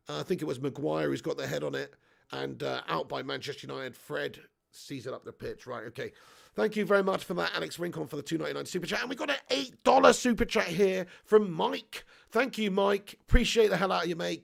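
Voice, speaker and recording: A man in his thirties with a high, heavily gravelly voice hosts a live football watch-along. He chats loosely, swears freely and laughs as he reads viewer comments and calls the action. There is a raspy fry running through his speech. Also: animated, normal speed. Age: 30s. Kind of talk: casual live match commentary and chat.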